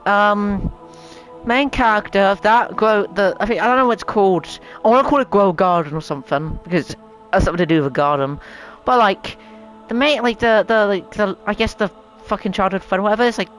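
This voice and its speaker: A woman's voice: medium pitch, brisk, faint music behind, rough recording. A woman hosting a casual opinion rant at home, rambling, swearing a lot and sounding exasperated. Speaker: channel host. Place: home room.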